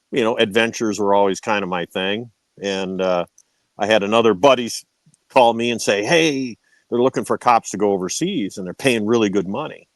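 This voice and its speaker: A man talking casually as a podcast guest, loose and relaxed with plenty of fillers. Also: lowish voice, dry recording. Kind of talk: casual interview chat.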